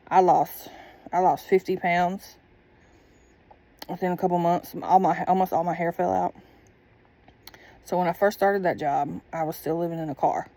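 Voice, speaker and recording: A woman's voice: lowish voice, darkish tone. A woman telling a candid personal story in a blunt, profane, casual monologue. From Southern United States.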